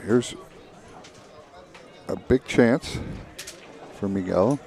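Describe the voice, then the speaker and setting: Casting note: man, very low mellow voice, calm analytic pool color commentary. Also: very slow, creaky.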